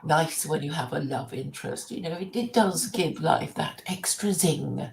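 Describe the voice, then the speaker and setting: A woman hosting a casual chat, lively and given to repeating words. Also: low voice, normal speed, gravelly. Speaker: host.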